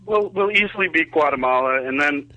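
A man's voice: fairly high pitch, expressive, brisk, pushed and bright, no room sound, rough recording. A man calling in to a show, talking about soccer with earnest hesitation. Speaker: caller. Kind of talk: phone-in chat.

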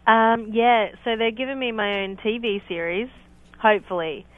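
A woman's voice: a little high, fairly even intonation, moderate pace, no echo. A woman actress from Australia, calling in as a guest and joking with a lot of laughter. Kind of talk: casual phone interview. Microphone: telephone. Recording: tinny phone line.

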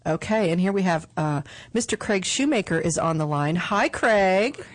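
A woman's voice: lowish voice, lively intonation, no room sound. A woman hosting a radio talk show, bubbly and teasing with her guests. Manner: bubbly, giggly, quick to tease. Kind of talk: casual radio chat.

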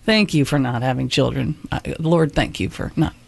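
A woman's voice: extremely low pitch, normal speed, gravelly, darkish tone. A woman co-hosting a morning radio show, reacting bluntly to callers. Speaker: radio co-host.

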